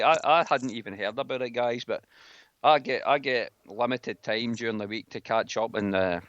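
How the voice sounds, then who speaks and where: Scottish-born male co-host, mid-pitched, teasing banter, lo-fi call audio. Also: a bit bright, no echo. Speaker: podcast co-host. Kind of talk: casual football chat.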